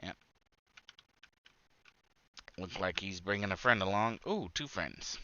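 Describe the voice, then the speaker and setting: A man's voice: low voice, lively intonation, slow pace, sharp tone, muffled recording. A man hosting a gaming channel, rambling through live gameplay commentary with lots of filler words and restarts.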